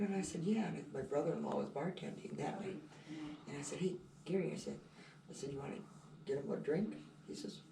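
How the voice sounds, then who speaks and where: A storyteller in a cafe, telling a casual anecdote in a rambling, animated way and repeating "I said" and "he goes.". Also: mid-range voice, brisk, gravelly. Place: indoor cafe. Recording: roomy, distant, noisy.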